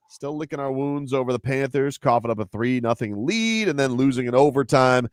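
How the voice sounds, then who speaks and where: A man's voice: medium pitch, fairly quick, few pauses, clear, resonant tone, no echo. Male sports radio host, dry studio sound. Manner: reads sponsor headlines, then jokes around loosely. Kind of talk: casual sports radio banter. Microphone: studio microphone.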